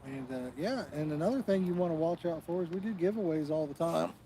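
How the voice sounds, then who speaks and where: A man's voice: fairly high pitch, lively intonation, quick pace, noisy background. A man hosting a live fishing stream outdoors, chatting casually and talking straight to the viewers in the chat. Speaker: fishing channel host.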